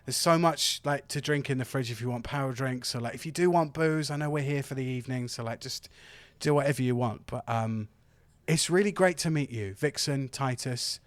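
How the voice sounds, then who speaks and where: Man playing a keen young man in a tabletop game, chatty, rambling, eager to please, mid-pitched voice, dry close sound. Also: a little fast, few pauses, dry recording, close to an everyday voice. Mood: friendly. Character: eager friendly young man, a grown son.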